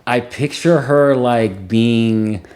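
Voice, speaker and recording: A man's voice: mid-range voice, drawn-out words, darkish tone. Man, from Staten Island, podcast guest, laid-back, casual chat. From Staten Island, New York.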